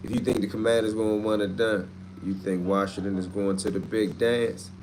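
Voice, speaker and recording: Dude w/ AAVE on a livestream, reading comments n trash talking, bit of faint hiss behind. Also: male voice, fairly low pitch, moderate pace. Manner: trash-talking, animated, street slang. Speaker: livestream host.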